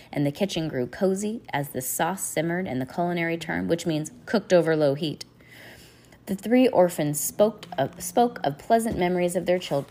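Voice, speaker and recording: Woman reading a storybook aloud, lowish voice. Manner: expressive reading with varied pace. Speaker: narrator.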